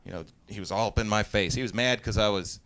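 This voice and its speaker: A man in his forties from Southeast Texas works a live comedy crowd, his voice bright and forceful. He tells stories in an easy, laid-back way, chuckling at his own lines and sometimes shouting out loud impressions. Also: on the low side, quick pace, smooth. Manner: laid-back storytelling, laughing at his own jokes, loud put-on yells. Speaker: stand-up comedian.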